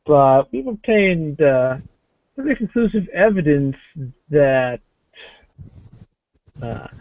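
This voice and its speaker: A man's voice: a little high, no echo. A man voicing a brusque, annoyed female vice president who demands an explanation. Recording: tinny phone-like call audio.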